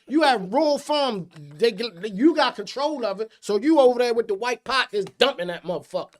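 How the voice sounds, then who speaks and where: A man, co-hosting a casual chat, profane and animated with loud outbursts. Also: very high-pitched, normal speed. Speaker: podcast co-host.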